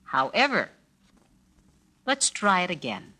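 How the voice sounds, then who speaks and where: Slow, bright-voiced woman teaching. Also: lowish voice, very animated. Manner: slow, carefully inflected, demonstrates phrases with exaggerated intonation. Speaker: language teacher narrating a lesson record. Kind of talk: scripted spoken-word lesson.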